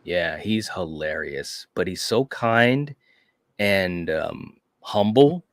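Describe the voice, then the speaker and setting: Man, very low voice, casual chat, enthusiastic, many fillers, dry recording. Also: lively intonation, takes it slowly, dry recording. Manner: enthusiastic storytelling, frequent "you know". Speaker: podcast co-host.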